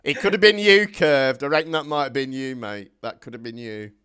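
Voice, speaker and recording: A man's voice: mid-range voice, brisk, fairly bright tone, clean tone. A man chatting casually on a podcast, reflecting on a story and joking with the others.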